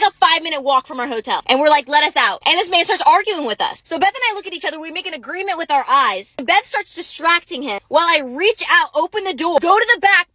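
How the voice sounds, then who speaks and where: A young woman telling a personal story to camera in a casual, animated way, acting out what people said. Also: high voice, dry recording. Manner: animated, acts out quotes with shifting voice. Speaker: storytelling creator.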